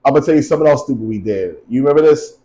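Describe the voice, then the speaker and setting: A man's voice: medium pitch, expressive, rapid-fire, warm tone, rough recording. A man co-hosting a casual podcast, telling stories and teasing with blunt, profane talk. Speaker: co-host.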